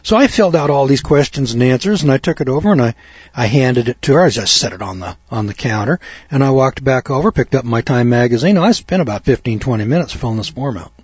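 Husky, cocky man ranting. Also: medium pitch, animated, fast talker, a little mellow, dry recording. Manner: cocky, ranting, mimics others in quotes. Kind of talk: folksy storytelling monologue. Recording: dull, slightly lo-fi dry recording.

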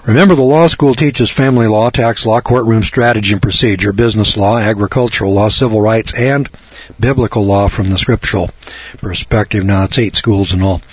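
Guy hosting a radio show, husky lowish voice, preachy, reels off long lists, dull dry sound. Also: fairly quick, no room sound. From American South. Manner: preachy, emphatic, lists at length. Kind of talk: radio commentary with scripture reading.

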